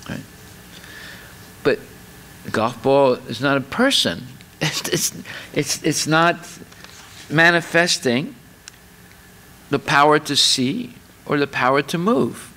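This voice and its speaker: A man's voice: fairly high pitch, sharp tone. A man giving a spiritual lecture, explaining in a chatty way with many fillers and repeated words, and acting out little scenes with exclamations. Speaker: speaker giving a scripture class.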